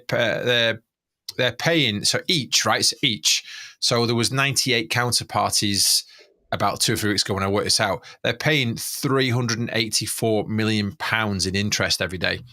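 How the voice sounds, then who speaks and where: A man co-hosting a casual podcast, talking with a bright, forceful edge. He gets excitable, swears freely and trips over restarts as he explains things. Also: lowish voice, normal speed. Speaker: podcast co-host. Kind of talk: casual chat.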